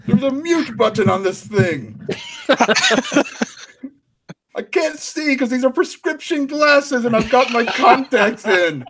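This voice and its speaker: A man's voice: very high-pitched, lively intonation, slow pace, long pauses, fairly bright tone, husky. A man co-hosting a comedy podcast, flustered and laughing at himself as he chats casually. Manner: flustered, laughing, self-mocking.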